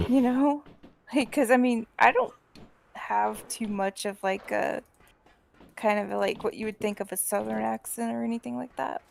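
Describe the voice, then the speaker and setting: Gravelly-voiced Midwestern woman, hesitant. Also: on the high side. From small Midwestern town. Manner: hesitant, filler-heavy talk. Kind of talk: casual chat.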